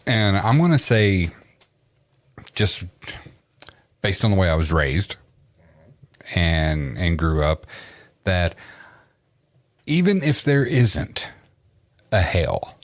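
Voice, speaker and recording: Blunt, joking man with a low voice. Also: big pitch swings, takes it slowly, pauses often, no room sound. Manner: blunt, joking, swears casually. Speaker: podcast co-host. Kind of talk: casual chat.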